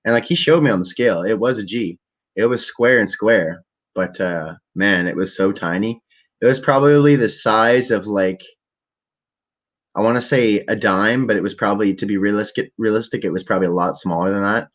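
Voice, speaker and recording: A young man from the Ottawa area telling a long, profane story in a relaxed, rambling way to a camera at home. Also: lowish voice, normal speed. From Ottawa area, Canada. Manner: rambling, profane, laid-back. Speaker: vlogger. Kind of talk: casual storytelling. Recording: dull lo-fi webcam audio.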